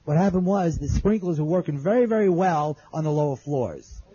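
A man's voice: fairly high pitch, animated, fairly quick, warm tone, slightly rough, lo-fi sound. A man telling an audience his survival story in plain, earnest words, repeating phrases as he remembers. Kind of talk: spoken testimony to an audience.

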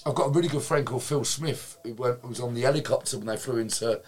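Male guest, animated raconteur, salty language, acts out quotes. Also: mid-range voice, quick pace. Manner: animated, swears freely, acts out quotes, laughs while telling. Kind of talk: anecdotal storytelling in casual chat.

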